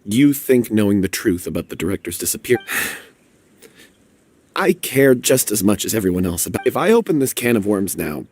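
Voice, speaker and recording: An actor voicing a weary, hesitant troupe member in video game dialogue. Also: male voice, on the low side, sing-song, normal speed, darkish tone, slightly rough. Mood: evasive. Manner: hesitant, evasive, then explaining.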